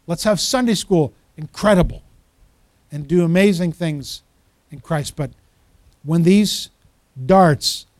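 A man preaching a sermon as pastor, animated and storytelling, acting out the voices of the people he quotes. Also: a little high, slow pace, long pauses, dry recording.

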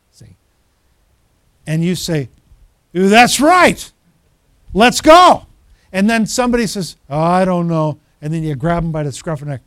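A man preaching a sermon as pastor, animated and storytelling, acting out the voices of the people he quotes. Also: sits high, dry recording.

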